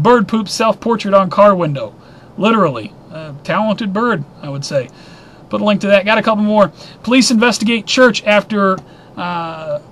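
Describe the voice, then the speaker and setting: A man's voice: sits high, fairly bright tone, a little hiss or hum. A man hosting a weekly news roundup, reading headlines in a casual, offhand way with wry asides and stumbles over names.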